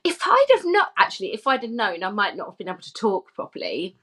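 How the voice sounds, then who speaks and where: A woman's voice: medium pitch, very animated, fast talker. Woman rambling through a story on a podcast, giggly, lots of ums and likes. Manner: chatty, giggly, lots of fillers. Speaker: podcast guest, former film extra. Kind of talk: casual chat, anecdote.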